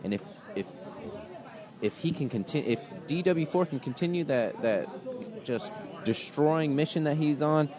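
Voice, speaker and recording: A man's voice: a little high, lively intonation, measured pace, over music. A man co-hosting a fantasy football show live from a sports bar, talking casually and reeling off stats. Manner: easygoing, stat-heavy, laughs often. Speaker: fantasy football podcast co-host. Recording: live stream with loud bar crowd. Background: bar crowd chatter.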